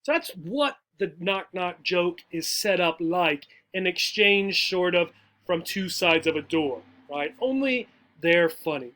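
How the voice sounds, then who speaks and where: A man with a high voice explains jokes slowly and patiently for English learners. His tone is bright and forceful, and he keeps checking in with his listeners. He sounds like a teacher guiding a class step by step. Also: lively intonation. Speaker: adult education teacher.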